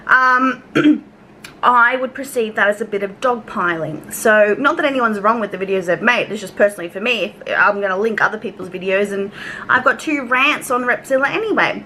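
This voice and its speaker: A woman's voice: fairly high pitch, bright, forceful tone, slight background noise, poor audio. A young Australian woman telling a casual storytime rant to her viewers, chatty and swearing freely as she acts out exchanges. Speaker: YouTube commentary creator.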